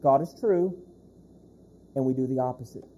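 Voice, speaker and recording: A male pastor preaching a sermon. He speaks emphatically, repeats key phrases, slows down to stress points and puts questions to the congregation. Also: medium pitch, warm tone, a little hiss or hum.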